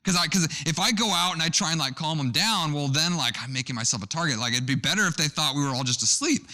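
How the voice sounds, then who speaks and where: A man's voice: on the high side, expressive, fast, pushed and bright. A young man preaching a sermon, telling a personal story in a conversational way with frequent restarts. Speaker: pastor.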